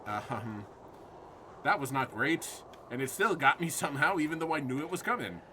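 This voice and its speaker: A man's voice: mid-range voice, expressive, normal speed, bright, forceful tone, a little hiss or hum. A man streaming a horror game live, jumpy and swearing at scares while chatting with his viewers.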